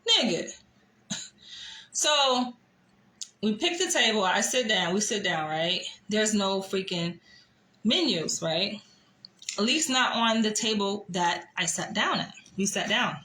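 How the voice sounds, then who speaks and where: A young woman telling a dating story to camera, animated and exasperated, swearing freely. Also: mid-range voice, takes it slowly, pauses often. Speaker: vlogger. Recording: echoey room.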